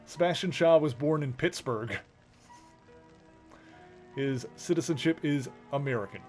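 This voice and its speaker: A man's voice: fairly high pitch, expressive, unhurried, darkish tone, soft background music. A male streamer giving casual commentary as he plays a video game, thinking aloud in a chatty, rambling way.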